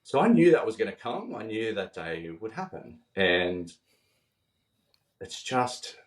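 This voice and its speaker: An earnest man shares heartfelt stories on a podcast, his voice sitting fairly low. He sounds set back from the microphone in a room with a lot of echo. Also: very animated, unhurried, far from the mic. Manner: earnest, heartfelt, quoting others as he tells stories. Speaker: podcast guest. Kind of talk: emotional storytelling in conversation.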